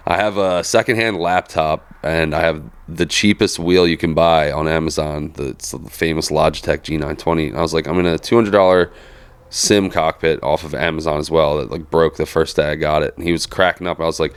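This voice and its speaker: A man's voice: very deep voice, fairly even intonation, fairly quick, clean tone, dry recording. A man in his thirties co-hosting a podcast, telling crude stories in casual chat and laughing often. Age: 30s. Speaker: podcast co-host.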